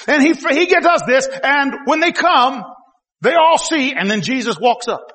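A man preaching a sermon, telling the story in a folksy way and swinging from quiet asides to loud exclamations. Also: very high-pitched, lively intonation, measured pace. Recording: long hall reverb.

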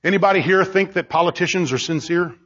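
A man preaching a sermon, driving his points home with repetition and bursts of shouting. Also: high voice, fast. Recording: dull lo-fi recording.

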